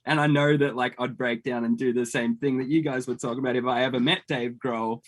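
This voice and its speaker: A man's voice: medium pitch, steady tone, fast. A male guest in casual chat, laughing and enthusiastic.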